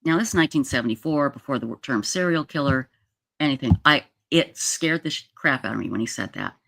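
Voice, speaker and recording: A woman's voice: rumbling low, expressive, fast, gravelly, fairly bright tone, no echo. Woman in her 60s from utah telling a story on a livestream, rambly, lots of restarts, dry close mic. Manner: chatty, rambling, with many restarts. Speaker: livestream host. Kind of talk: casual storytelling. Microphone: streaming setup mic.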